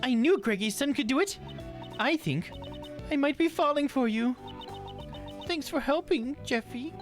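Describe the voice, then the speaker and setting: A man voicing a peppy, cheeky young woman in a high, bouncy falsetto while dubbing game dialogue live. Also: lively intonation, unhurried. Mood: excited. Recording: game music behind.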